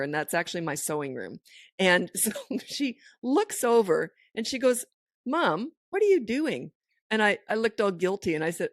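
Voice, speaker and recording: A woman's voice: lowish voice, no room sound, studio quality. A middle-aged woman hosting a parenting podcast, giving advice in a casual, goofy way and laughing often. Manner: goofy, laughs often, acts out voices in stories.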